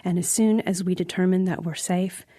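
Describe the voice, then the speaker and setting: A woman guest who runs theater in a prison, talking in a radio interview in an earnest, reflective way, often pausing and restarting. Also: on the low side, steady tone, warm tone, dry recording, studio quality.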